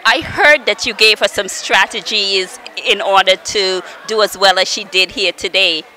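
Bright, upbeat woman interviewer at airport. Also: mid-range voice, normal speed, poor audio. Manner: upbeat and friendly, laughs often. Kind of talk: on-location interview. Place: airport arrivals area.

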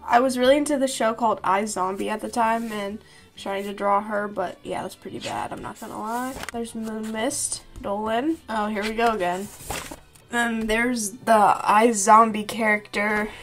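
A young woman chats casually about her old drawings, poking fun at herself with frequent laughter. Her voice sits a bit high, and faint music plays underneath. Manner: self-mocking, laughing, playful character voices. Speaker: artist reviewing her old artwork. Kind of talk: casual chat.

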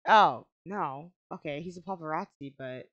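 A woman's voice: low-pitched, moderate pace, no echo, muffled recording. A young woman giving casual commentary as she plays a life-simulation game, often exasperated and talking back to it. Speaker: gaming video creator.

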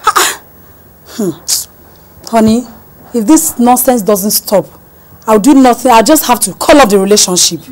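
A woman's voice: on the high side, expressive, normal speed, long pauses, a little mellow, natural voice, low-quality recording. An actress playing a middle-aged mother who soothes her daughter and huffs proudly about the groom's family, in a film drama. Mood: indignant. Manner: soothing, then proud and huffy.

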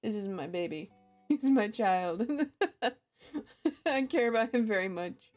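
A woman's voice: medium pitch, animated, takes it slowly, darkish tone, soft background music. A woman streamer chatting casually and giggling often as she plays a cozy life-sim game and greets her chat. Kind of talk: casual gaming livestream chat.

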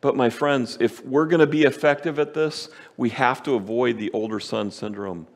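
A man preaching a sermon as pastor, emphatic, repeating key phrases and slowing down for stress. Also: mid-range voice. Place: church sanctuary. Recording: church hall with long reverb.

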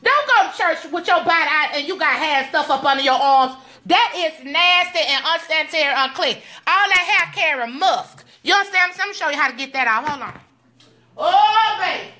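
A woman's voice: high-pitched, expressive, moderate pace, pushed and bright. A woman giving playful, sassy, preachy advice in a comedic skit, recorded indoors at home. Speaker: comedic church advice host.

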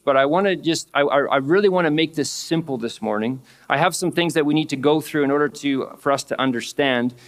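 A pastor preaching a sermon, excitable, laughing often and lifting his voice when he acts out prayers. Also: fairly high pitch.

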